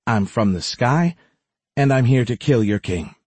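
A man's voice: medium pitch, animated, measured pace, darkish tone, slightly rough, no room sound. A man voicing a defiant young woman held captive, speaking in a raised, tense voice.

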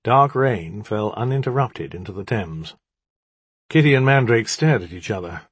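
A man reading an audiobook in an expressive, even-paced scripted narration. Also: fairly low pitch, normal speed, husky, no room sound.

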